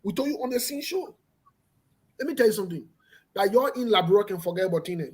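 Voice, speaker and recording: A man's voice: high-pitched, animated, fast, darkish tone, slightly rough. A man hosting a political talk show, speaking emphatically and repeating himself for effect. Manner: emphatic, repetitive, pointed.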